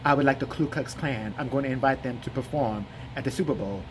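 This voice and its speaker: A man imitating an older male interviewer who talks in a slow, flat, drowsy drawl. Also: mid-range voice, background noise, pitched below the performer's own voice, lightly acted. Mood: drowsy baiting.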